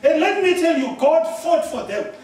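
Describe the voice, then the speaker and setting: High-voiced Zimbabwean preacher in echoey hall. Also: male voice, animated, moderate pace, distant mic. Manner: emphatic, often shouting, with laughter and repeated "yeah?". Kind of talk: sermon. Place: large church hall.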